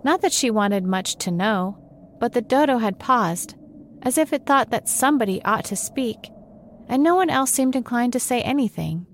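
A woman narrating a classic storybook with a steady, expressive reading. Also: fairly high pitch, normal speed, a little hiss or hum.

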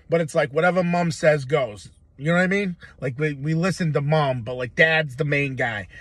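A man from Massachusetts with a slightly high voice rants in a loose comedic riff. He rambles, swears freely and leans on "like" and "you know". The sound is dry and close. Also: a bit bright, no echo. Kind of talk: casual comedic rant.

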